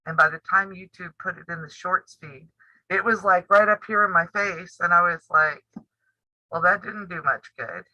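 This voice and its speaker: A woman's voice: fairly low pitch, fairly even intonation, normal speed, bright, forceful tone, no echo, dull audio. A woman, hosting a casual live-stream chat for a sewing channel and talking in a blunt, teasing way with frequent laughs. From United States. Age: 50s. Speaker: sewing and quilting channel host.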